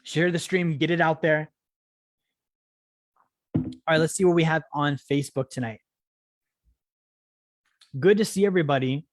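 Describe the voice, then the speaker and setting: A man's voice: fairly high pitch, steady tone, moderate pace, long pauses, no room sound, clean studio sound. A young man hosting a live-streamed finance lesson, talking energetically and asking "right?" and "okay?" over and over to rally his viewers. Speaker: financial education course host. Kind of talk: live-streamed teaching talk.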